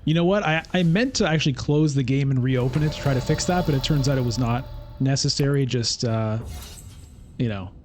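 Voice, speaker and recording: A man's voice: medium pitch, a little fast, darkish tone. A man giving casual, chatty commentary as he plays a digital board game, thinking aloud. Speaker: streamer.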